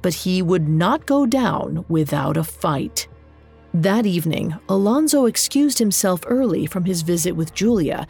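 A woman narrating a folk tale in a measured, even scripted reading. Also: on the low side, breathy edge. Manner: measured, even storytelling delivery. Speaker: storyteller.

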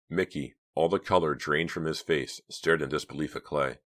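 A man narrating an audiobook in a quiet, steady reading voice. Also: extremely low pitch, moderate pace. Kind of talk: scripted narration.

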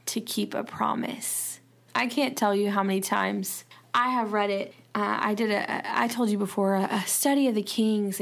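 A woman's voice: medium pitch, creaky. A woman with a Southern accent giving an earnest, conversational Bible study talk, with fillers and restarts along the way. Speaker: Bible teacher.

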